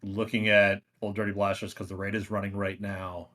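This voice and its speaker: Male host, lowish voice, halting explainer, stumbles and restarts a lot. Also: completely flat delivery, fairly bright tone. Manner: halting, repeats words and restarts while explaining. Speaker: podcast host. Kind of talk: casual chat.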